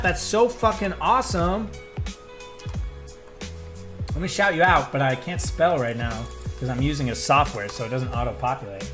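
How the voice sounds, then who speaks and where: A young man, a streamer and voice actor, chatting casually with his live chat, excitable and swearing freely as he drifts into tangents. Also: mid-range voice.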